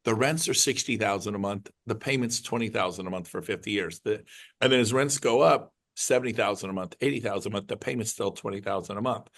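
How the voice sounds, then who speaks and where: Middle aged guy hyped up talking money deals to his group, rambly, normal pitch. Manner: excited, rambling, jumps between numbers. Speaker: realtor leading a mastermind call. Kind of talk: casual motivational talk.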